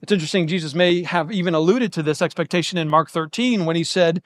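A man's voice: a little high, quick pace, hardly any pauses, no echo. A man giving a verse-by-verse Bible teaching, explaining the text and laying out each possible reading step by step. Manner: explanatory, lays out options step by step.

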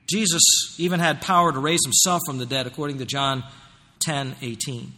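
A man preaching a sermon as pastor, fervent and emphatic, at times building to near-shouting. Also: medium pitch, steady tone, moderate pace, big-room sound. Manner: fervent, rising to near-shouting in rhetorical questions. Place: church.

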